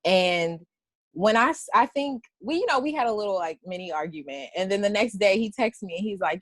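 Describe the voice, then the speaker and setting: A woman's voice: medium pitch, expressive, brisk, dry recording. A woman poet speaking candidly in an interview conversation, rambling through restarts and laughs, sometimes near tears. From Washington, D.C. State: tearful at times. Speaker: poet and guest.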